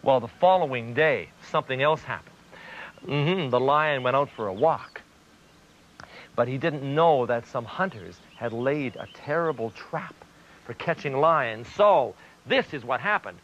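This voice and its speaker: Bright-voiced gentle children's storyteller, man. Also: on the high side, normal speed. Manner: gentle, animated storyteller's delivery. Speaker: children's TV host. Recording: dull lo-fi 1990s TV recording.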